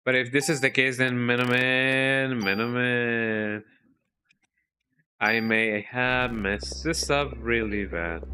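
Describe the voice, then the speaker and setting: A man streaming a video game live, talking to himself in a worried, halting way and yawning now and then. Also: medium pitch, fairly even intonation, bright, forceful tone, slight background noise. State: sleepy, yawning. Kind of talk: casual live gameplay commentary.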